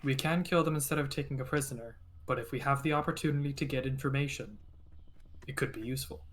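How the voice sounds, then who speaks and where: A man's voice: medium pitch, quick pace, fairly bright tone. A man playing a tabletop game who explains his plans carefully, with plenty of fillers. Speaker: player. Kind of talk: casual tabletop game chat.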